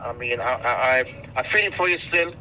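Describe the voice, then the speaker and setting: A man's voice: mid-range voice, expressive, moderate pace, sharp tone, slight background noise, poor audio. A male radio host who interviews a guest, often stumbling and repeating his words.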